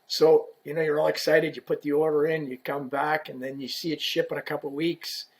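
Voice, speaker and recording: This is a man with a somewhat high voice, telling stories in a relaxed podcast conversation. He is playful and throws himself into the people he quotes, swinging his delivery around for effect. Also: fairly quick. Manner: playful, acts out quoted people with lively voice changes. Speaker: equipment company ambassador. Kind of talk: animated storytelling in a casual podcast chat.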